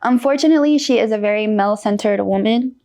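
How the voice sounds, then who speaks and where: A woman's voice: medium pitch, fast talker, dark tone. A woman in her late twenties from North Carolina, a guest telling her story frankly and with animation, with many fillers. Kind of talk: candid personal interview.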